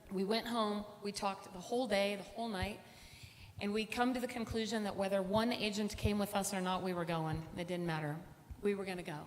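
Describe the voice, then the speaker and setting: A middle-aged woman speaking on stage at a conference, telling a personal story and acting out the voices of the people in it. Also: mid-range voice. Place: large conference hall. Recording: reverberant hall with faint room noise.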